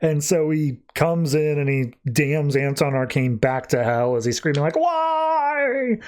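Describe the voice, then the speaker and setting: A man's voice: medium pitch, moderate pace. A man hosting a podcast, recapping a comic in a casual, irreverent way and acting out the dialogue. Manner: animated, irreverent, acts out dialogue. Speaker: podcast host.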